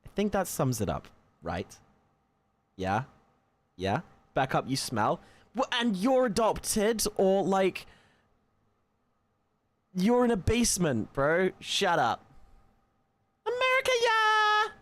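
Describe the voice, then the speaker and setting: Lively British man, playful streamer. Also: high voice, takes it slowly, long pauses. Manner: playful, teasing, laughs often, swears. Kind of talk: casual live-stream chat with viewers. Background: faint lo-fi music.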